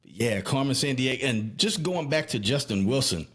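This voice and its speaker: Husky, animated Southern man. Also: normal speed. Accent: Southern US (Lowcountry South Carolina). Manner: animated storyteller, laughs often, pitch swings widely. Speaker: podcast co-host. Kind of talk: casual nostalgic chat.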